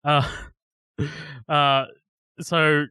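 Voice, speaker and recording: A man's voice: a little high, level tone, very slow, pushed and bright, clear, resonant tone, no room sound. A man co-hosting a casual movie podcast, rambling, swearing often and laughing between thoughts. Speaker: podcast co-host. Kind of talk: casual movie review chat.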